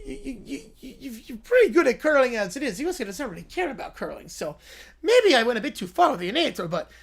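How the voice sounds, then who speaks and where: A man's voice: very high voice, heavily acted. A man doing a rambling cartoon evil scientist. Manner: rambling, stammering, grandiose. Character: bumbling middle-aged male evil scientist, rambling and theatrical.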